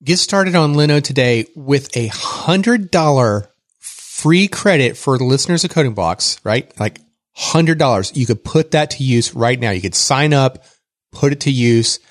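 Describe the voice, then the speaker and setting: A man's voice: medium pitch, measured pace, dry recording. Playful male podcast host, dry close sound. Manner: playful, joking, animated. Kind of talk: casual tech podcast chat and ad read.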